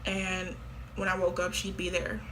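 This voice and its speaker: Woman vlogger, casual and offhand, slangy and repetitive, with a bright edge. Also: fairly low pitch, monotone, unhurried, slight background noise. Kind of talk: casual confession to camera.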